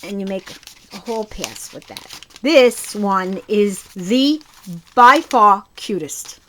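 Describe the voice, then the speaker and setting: A crafting channel host from Brooklyn, New York, with the accent to match, enthusiastically shows off her craft projects, rambling and restarting a few times. Her mid-range voice is bright and forceful, slow-paced with lively intonation, over slight background noise.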